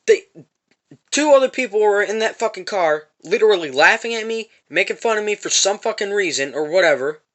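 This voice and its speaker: Angry storytime vlogger, man, high bright voice, swears constantly. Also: lively intonation, fairly quick. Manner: profane, repetitive storytelling. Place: parked van.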